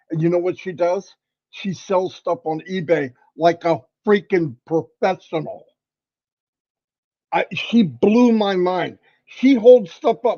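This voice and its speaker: A man hosting a livestream, giving an animated, folksy motivational talk. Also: sits high, takes it slowly, muffled recording. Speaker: livestream host.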